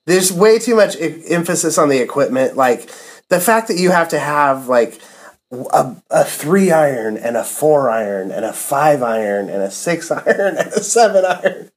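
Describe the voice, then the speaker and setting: A man's voice: a little high, animated, moderate pace. A man in casual podcast chat, easygoing and hesitant, telling anecdotes.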